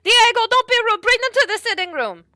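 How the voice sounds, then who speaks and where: A woman's voice: sing-song, fast talker, sharp tone, no room sound, studio quality, exaggerated voice. A woman doing a gushing, doting mother. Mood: welcoming. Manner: high, gushing, fussing over guests. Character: doting excitable middle-aged mother, hostess. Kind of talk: tabletop role-play voice acting.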